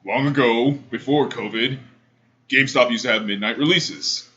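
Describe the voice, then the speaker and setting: A man co-hosting a podcast, telling a story in a casual, animated way and imitating the people in it. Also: medium pitch, moderate pace. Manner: animated, mimics people in quoted voices. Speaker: podcast co-host. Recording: dull lo-fi audio with faint hiss.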